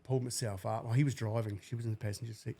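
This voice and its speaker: Guest, 40s man from New Zealand, gravelly, blunt profane storyteller. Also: mid-range voice, fairly even intonation, racing, dark tone. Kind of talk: emotional personal account.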